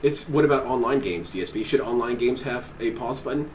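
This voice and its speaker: A man's voice: mid-range voice, fairly quick, hardly any pauses. A man streaming a reaction to a clip, ranting with sarcastic, exasperated mockery. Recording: echoey room, mic at a distance, faint noise.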